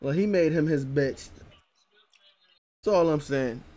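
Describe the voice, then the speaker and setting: A man's voice: fairly high pitch, measured pace, warm tone. A man hosting a casual gaming podcast, laid-back, often repeating himself and laughing. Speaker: podcast host. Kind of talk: casual chat.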